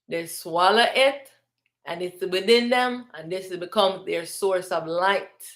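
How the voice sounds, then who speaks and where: A woman giving a spiritual sermon at an unhurried, deliberate pace. Her voice sits at an ordinary middle pitch for a woman. She talks in an emphatic, preaching manner, pressing every point home. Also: a bit bright. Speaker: spiritual teacher.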